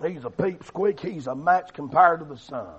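A man preaching a fiery revival sermon, swinging between loud shouting and low, quiet delivery. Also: moderate pace, husky. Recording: dull lo-fi recording.

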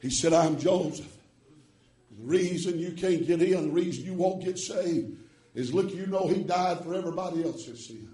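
A man preaching a revival sermon, swinging from hushed tones to chanted shouts with rhythmic "uh" breaths. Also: on the high side, moderate pace, reverberant, recorded from a distance.

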